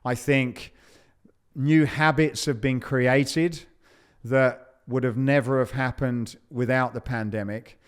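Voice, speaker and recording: A male podcast host in a reflective monologue, halting and repeating words. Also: mid-range voice, steady tone, clean tone.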